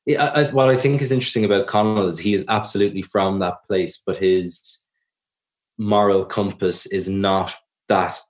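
A young Irish man, an actor being interviewed on a podcast, answering in a thoughtful, measured way and often correcting himself mid-sentence. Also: deep voice, fairly even intonation. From Ireland. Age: young adult. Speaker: actor guest.

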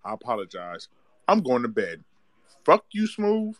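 A man's voice: medium pitch, huge pitch swings, measured pace, dry recording. A man in a heated sports chat, ranting and cursing. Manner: ranting, profane, worked up. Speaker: caller on a live audio chat.

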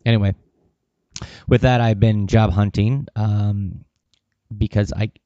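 A man's voice: fairly low pitch, steady tone, takes it slowly, mellow, clean tone, no echo, dull audio. A man talking casually in a personal vlog, rambling with lots of fillers and swearing. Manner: rambling, profane, with many fillers. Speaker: vlogger.

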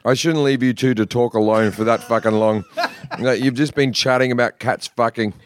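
A man's voice: medium pitch, fairly even intonation, moderate pace, a little hiss or hum. A man co-hosting a podcast, bantering in a teasing, mock-boastful way. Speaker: podcast co-host. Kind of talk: casual chat.

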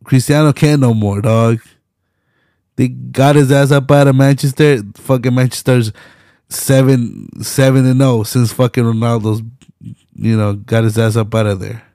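A man's voice: mid-range voice, steady tone, unhurried, mellow, no room sound, studio quality. A young man hosting his own podcast, ranting casually with lots of slang, profanity and laughter. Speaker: podcast host. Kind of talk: casual solo podcast rant.

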